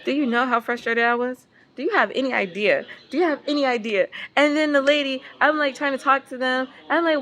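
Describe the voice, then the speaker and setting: A woman's voice: high voice, a little fast, few pauses. A mother vlogging a casual storytime, exasperated and swearing freely as she tells it. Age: adult parent. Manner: exasperated, profane, animated storytelling.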